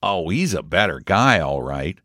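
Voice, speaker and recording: A man voicing a confident young man who speaks slowly and with emphasis. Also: low-pitched, very animated, a bit bright, no room sound, studio quality, exaggerated voice. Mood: assured. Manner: slow, assured, emphatic. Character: confident young man hosting, drawling, sure of himself.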